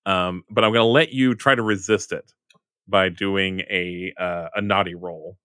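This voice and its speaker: A man's voice: low-pitched, fairly even intonation, measured pace, bright, forceful tone, clear, resonant tone, dry recording, clean studio sound. A man narrating a tabletop role-playing game as game master, rambling with fillers.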